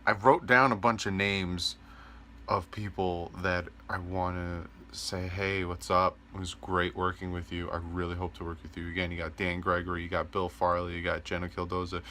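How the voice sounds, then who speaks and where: A man in his twenties rambling casually to camera in his bedroom, joking around and filling pauses with ums. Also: low-pitched, little pitch movement, bright, forceful tone. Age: 20s. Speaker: vlogger. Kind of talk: casual vlog talk to camera.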